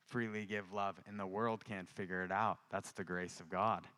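A man preaching to a congregation with a bright, forceful voice that rings crisp and smooth. He tells his testimony in a loose, conversational way, then presses the listeners with fervent calls to act. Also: sits low, fairly even intonation, normal speed. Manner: conversational storytelling building to fervent exhortation. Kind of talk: sermon with personal testimony.

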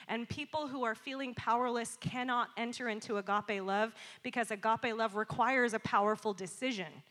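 A woman in her thirties preaching a sermon, telling a personal story with animated, acted-out moments and quiet, earnest asides. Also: on the high side, normal speed, hardly any pauses. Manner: animated storytelling, acts out shouting and quiet apologies. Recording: long hall reverb.

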